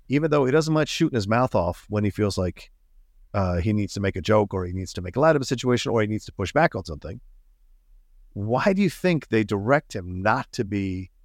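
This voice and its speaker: A man's voice: on the low side, no room sound, clean studio sound. A man co-hosting a casual film podcast, chatty and asking questions. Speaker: podcast co-host.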